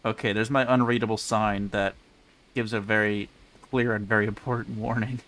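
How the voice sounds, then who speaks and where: A man's voice: on the low side, little pitch movement, normal speed, a bit bright. A man casually rambling through live gameplay commentary, chatty and self-mocking, speaking into a desk mic with a pop filter. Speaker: game streamer.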